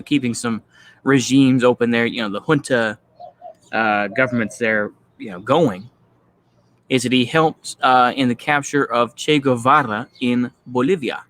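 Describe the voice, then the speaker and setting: A man's voice: mid-range voice, fairly bright tone. A man in his thirties with a Texan accent, giving a blunt, profane and dismissive political rant as a vlogger, rambling with lots of fillers. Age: 30s. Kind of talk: casual ranting monologue.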